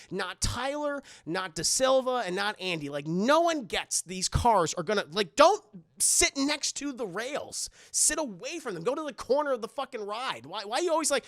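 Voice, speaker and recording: A man recapping a horror movie in a casual live stream, animated, rambling and profane. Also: high-pitched, vocal fry, no echo, studio quality.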